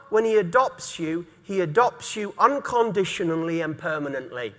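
A man's voice: sits high, bright, forceful tone, big-room sound. A middle-aged man from England, preaching a sermon earnestly and repeating key words for emphasis. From North East England. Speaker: pastor.

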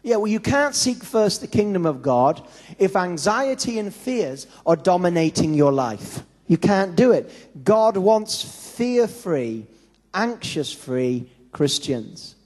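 A man's voice: high-pitched, sing-song, takes it slowly, darkish tone, in a large hall. A man preaching a sermon in a conversational way, acting out little quoted exchanges. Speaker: pastor.

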